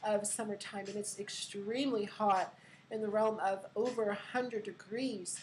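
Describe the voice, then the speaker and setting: A woman from California hosting a casual livestream chat, laughing a lot and filling pauses with "uh". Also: medium pitch, fairly even intonation, darkish tone, slight background noise, poor audio. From California, USA. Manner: laughs a lot, friendly, drawn-out fillers. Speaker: host.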